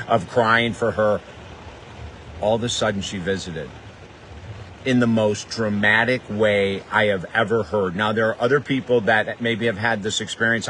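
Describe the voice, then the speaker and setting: A man's voice: fairly low pitch, fairly bright tone, a little hiss or hum, rough recording. An older man and grief counselor telling a personal story in an earnest, emotional way, often repeating phrases for emphasis.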